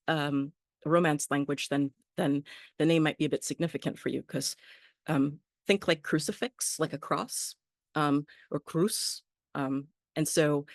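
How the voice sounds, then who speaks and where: A woman's voice: deep voice, no echo, clean studio sound. A woman teaching an online botany class, friendly, with many ums and small laughs.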